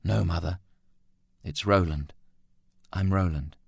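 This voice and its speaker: Calm, gentle grown son, deep and dry, read by a male narrator. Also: creaky, husky, no room sound, exaggerated voice. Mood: pleading. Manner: quiet, soothing, measured.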